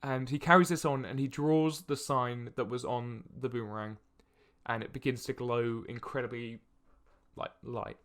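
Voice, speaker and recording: A young man narrating as dungeon master in a tabletop game, halting with many fillers. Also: medium pitch, steady tone, fairly bright tone. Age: young adult. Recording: faint background hiss.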